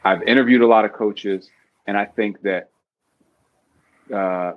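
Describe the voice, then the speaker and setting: A man speaks in a lowish voice, earnest and reflective, in a casual podcast discussion. The audio is dull and lo-fi. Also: steady tone, a little slow. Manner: earnest, reflective, quotes from the book. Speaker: podcast guest, author.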